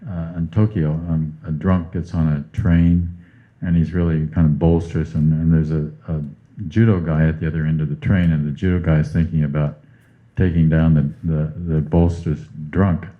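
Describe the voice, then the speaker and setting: Male host, very low voice, unhurried reader, phone-quality sound. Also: flat delivery. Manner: unhurried, reads passages aloud slowly. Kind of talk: spiritual conversation. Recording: tinny phone-like line.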